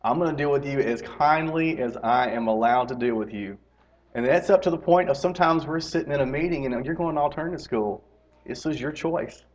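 Speaking a little fast in a mid-range voice, a middle-aged man preaches conversationally to his congregation. He's a lay preacher and teacher who returns to his key phrases and asks the audience direct questions, captured on a slightly dull, lo-fi recording.

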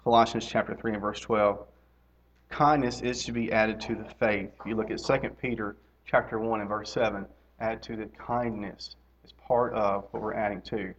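A middle-aged man giving a conversational sermon to his congregation. He repeats his key phrases and asks his listeners direct questions. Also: fairly low pitch. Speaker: lay preacher and teacher. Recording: slightly dull lo-fi recording.

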